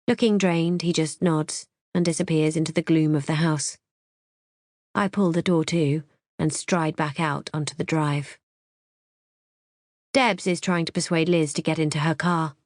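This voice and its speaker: Brief: woman narrator, first-person thriller audiobook, measured and tense, lower register, dry studio sound. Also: steady tone, a little mellow, no echo.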